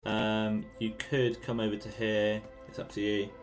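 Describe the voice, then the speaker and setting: A man's voice: fairly low pitch, monotone, faint music behind. Man running a tabletop game. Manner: descriptive, unhurried, encouraging to players. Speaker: game master.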